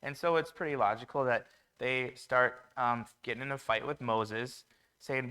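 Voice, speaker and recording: A man's voice: medium pitch, normal speed, bright, forceful tone, clean tone. A man preaching a conversational sermon in a church, with fillers and restarts.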